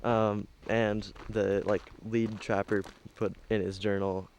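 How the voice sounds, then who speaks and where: A man's voice: lowish voice, level tone, slow pace, darkish tone, a little hiss or hum, rough recording. A man casually narrating a travel vlog outdoors into a handheld camera, rambling and hesitant with lots of fillers. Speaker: travel vlogger. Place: outdoors on a trail and a scenic overlook. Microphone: handheld camera mic.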